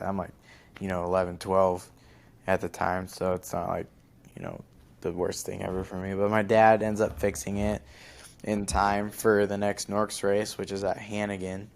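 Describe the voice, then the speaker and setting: A young man with a deep, low-pitched voice hosts a casual podcast. He tells a long story in a loose, rambling way, leaning on fillers and likes as he goes. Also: little pitch movement, a little slow, vocal fry. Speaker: podcast host.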